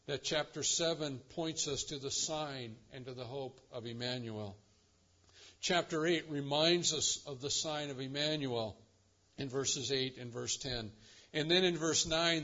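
A man's voice: mid-range voice, bright, forceful tone, dull audio. A man preaching a sermon as pastor, building to impassioned, rising delivery.

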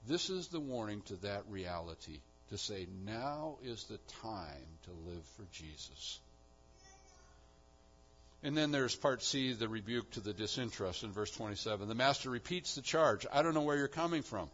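A man preaching a sermon on a Bible passage, moving between quiet explanation and loud, emphatic peaks. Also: mid-range voice, lively intonation, fairly quick, few pauses, a little hiss or hum. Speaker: pastor. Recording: dull lo-fi sound.

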